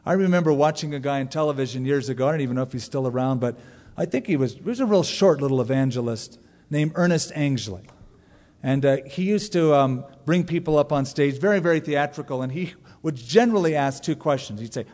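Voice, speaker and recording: A man in his forties preaching a sermon to a congregation, joking and animated, leaning hard into emphasis. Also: a little high, fairly quick, a little hiss or hum. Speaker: pastor. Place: large church sanctuary. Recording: long reverb of a large church hall.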